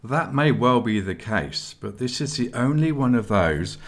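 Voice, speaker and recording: Man voicing a smug young male squire, sly, casual, raised pitch, storybook reading. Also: lively intonation, a little slow.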